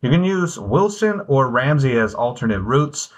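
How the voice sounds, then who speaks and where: A man giving a radio traffic report in a brisk, practiced broadcast manner. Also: medium pitch, sing-song. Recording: radio broadcast with faint music bed.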